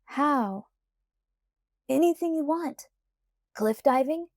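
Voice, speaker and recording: A woman voicing an eager, remorseful teenage werewolf boy in an audiobook, rushing through pleading apologies. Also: sits high, animated, a little mellow, no room sound, clean studio sound, voice pushed up, full character voice.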